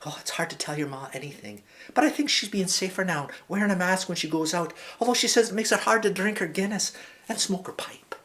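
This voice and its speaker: A man's voice: sits high, fairly quick, pushed and bright. A man voicing a cheerful Irish male farmhand with a put-on Irish accent, in a folksy, rambling comic monologue. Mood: wistful. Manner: chatty and folksy, with rambling asides.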